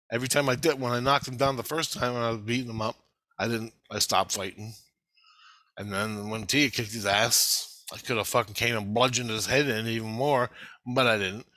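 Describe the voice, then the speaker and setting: In a casual vlog, a man with a medium-pitched voice and no room sound rambles through the story of a vision he had. He gets excitable and worked up, swearing constantly.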